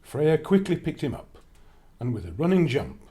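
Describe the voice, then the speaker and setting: A man narrating a children's storybook with an expressive, lively reading. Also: on the high side, normal speed.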